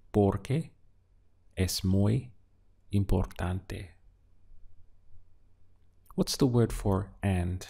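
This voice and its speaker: A man teaching a beginner language lesson, asking patient prompts and then giving clear model answers. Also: fairly low pitch, warm tone. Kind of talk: slow, deliberate language lesson with pauses.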